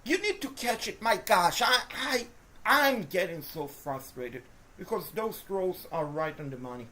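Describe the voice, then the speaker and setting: A woman commentating her own video game play, swinging between frustrated groans and shouted cheers, talking to the players and to her viewers. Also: lowish voice, lively intonation, a little slow. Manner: talks to the players and to viewers as folks. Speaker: gaming video host. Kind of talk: live gameplay commentary.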